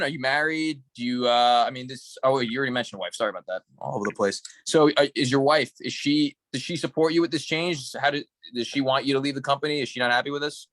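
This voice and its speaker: A man's voice: medium pitch, a bit bright, dry recording. A man practicing a sales call in a role-play, asking probing questions with lots of hesitant fillers.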